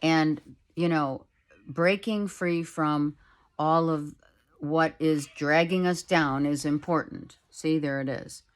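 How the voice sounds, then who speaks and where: A middle-aged woman giving a casual tarot reading at home, talking softly and rambling, with many fillers. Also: deep voice, steady tone, slow. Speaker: tarot reader. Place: home, with a child heard in the background.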